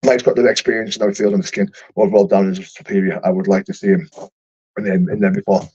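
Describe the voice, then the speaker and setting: A man's voice: low-pitched, little pitch movement, quick pace, dark tone, breathy edge, muffled recording. A young man who fights for a living, chatting casually on a livestream and answering viewer comments in a rambling, profane way with lots of restarts. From United Kingdom.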